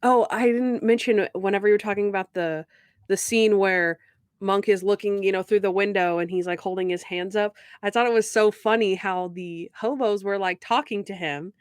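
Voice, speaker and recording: A young woman co-hosts a casual podcast chat about a TV episode, acting out the scenes as she retells them. Her voice sits at a middle pitch and comes across close and dry, with no room around it. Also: fairly even intonation, normal speed, clear, resonant tone, no echo. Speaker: podcast co-host.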